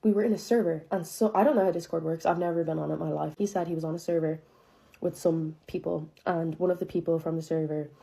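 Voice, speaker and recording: Young woman, casual storytime, low mellow voice, profane and chatty, dramatic disbelief. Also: steady tone, fast, creaky. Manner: profane, chatty, heavy use of filler "like"; incredulous, dramatic retelling.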